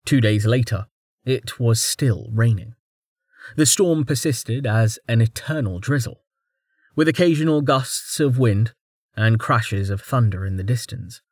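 A man's voice: medium pitch, expressive, unhurried, slightly rough, no echo. Male audiobook narrator, dry close sound. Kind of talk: scripted narration.

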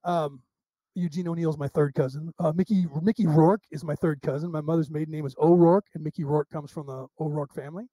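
A man being interviewed, telling rambling, animated stories full of restarts and asides. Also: fairly high pitch, brisk, no echo. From United States. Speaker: interview guest. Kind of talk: casual storytelling interview.

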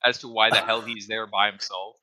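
A man's voice: on the low side, steady tone, fairly quick, pushed and bright, no echo, poor audio. A man co-hosting a casual chat, making laid-back, dry remarks. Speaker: podcast co-host.

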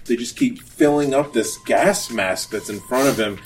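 A man playing a tabletop game, describing his character's action with a few halting restarts. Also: mid-range voice, distant mic, loud music behind the voice. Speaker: player. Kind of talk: tabletop role-play.

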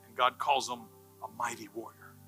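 Pastor guy preaching, jokey then fired up, really bright voice, faint music behind. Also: mid-range voice, fairly even intonation, moderate pace, breathy edge, rough recording. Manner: jokey, builds to loud passionate preaching. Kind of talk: sermon.

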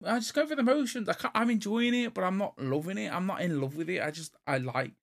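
His voice is high-pitched and creaky, and he talks fast. He's a young co-host on a relaxed video game podcast who rambles, restarts a lot, and cracks himself up.

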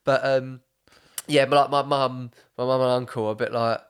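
A young man chats loosely on a podcast. His voice sits at an ordinary middle pitch. He rambles, swears freely and laughs through his stories. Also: fairly even intonation, normal speed, clean tone. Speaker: podcast host. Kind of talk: casual chat.

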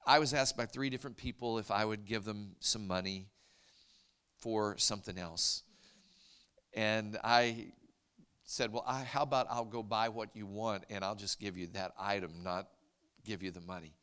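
A man preaching a sermon, telling a story in an earnest, soft-spoken way that sinks to a near whisper at tender moments. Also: fairly low pitch, normal speed, clean tone. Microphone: handheld mic, later set aside to talk loud off-mic.

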